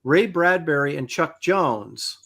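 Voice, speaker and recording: A man's voice: a little high, expressive, slow pace, creaky, fairly bright tone. Chatty middle-aged man, rambling. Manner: rambling storyteller with many fillers and restarts. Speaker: co-host of a crowdfunding livestream. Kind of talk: casual chat. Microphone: video call.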